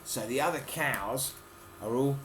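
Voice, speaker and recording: A man's voice: mid-range voice, measured pace, fairly bright tone, slight background noise. A father reading a picture book aloud to his children at home, playfully explaining words and pointing at the pictures.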